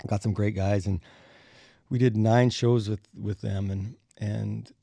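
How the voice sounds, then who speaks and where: A middle-aged man, a bassist and podcast guest, telling animated stories, acting out quotes and chuckling as he goes. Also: unhurried, gravelly, no echo. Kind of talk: anecdotal storytelling in conversation.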